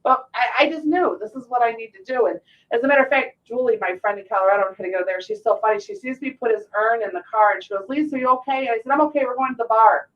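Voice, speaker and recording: Animated woman host, distant muffled mic. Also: a little high, fast talker. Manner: animated storyteller, acts out quotes. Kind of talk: casual talk show chat.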